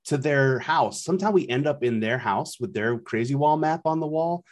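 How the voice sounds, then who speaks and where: A man's voice: medium pitch, lively intonation, moderate pace. A man co-hosting a podcast, recapping a TV episode in casual chat with a wry, exasperated and rambling manner. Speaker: podcast co-host.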